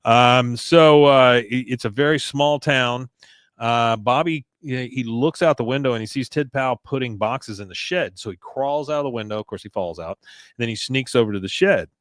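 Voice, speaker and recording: Man, casual talk show host, animated storyteller, dry sound. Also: moderate pace, dry recording. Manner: animated storyteller, jumps into high voices for characters. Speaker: podcast co-host recapping a cartoon episode. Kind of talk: casual chat, retelling scenes with quick voices for the characters.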